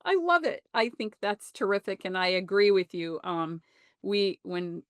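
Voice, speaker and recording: A woman's voice: medium pitch, sing-song, a little slow, clean tone, no room sound. A woman hosting an interview, casual and effusive with praise for her guest. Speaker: podcast host.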